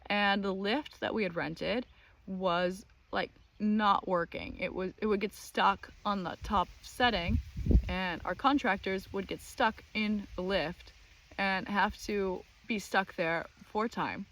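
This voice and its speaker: A woman hosting her own channel, telling a personal story in a casual, animated and exasperated way, with many fillers. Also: medium pitch, slow pace. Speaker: channel host.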